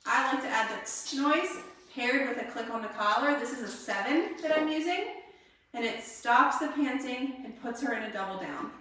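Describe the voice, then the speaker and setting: A woman's voice: a little high, normal speed, slight background noise. A woman dog trainer explaining drills and giving short commands to a dog during an indoor training demo. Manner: explains calmly, then gives short crisp commands to a dog. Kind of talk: instructional demonstration. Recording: very echoey room, voice far from mic.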